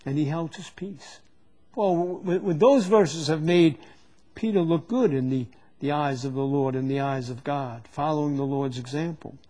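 A man's voice: on the high side, moderate pace, dark tone. A man preaching a sermon to a live congregation, teaching from the Bible and often stopping to repeat words as he searches for them.

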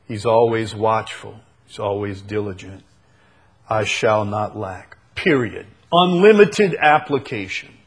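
A man preaching a sermon, slow and emphatic, repeating key phrases for weight. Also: on the low side, slightly rough. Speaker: pastor.

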